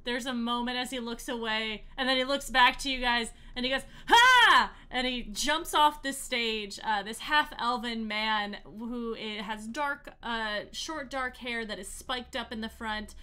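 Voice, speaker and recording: A woman's voice: a little high, steady tone, a little slow, few pauses, pushed and bright, clear, resonant tone. A woman narrating a tabletop game as game master, casually, with many fillers.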